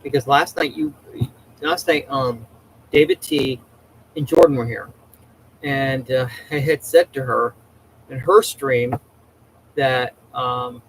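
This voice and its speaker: A man's voice: medium pitch, creaky, slight background noise, rough recording. Rambling man chatting on a livestream. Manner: rambling, chatty, many restarts. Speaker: livestream host. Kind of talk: casual livestream chat.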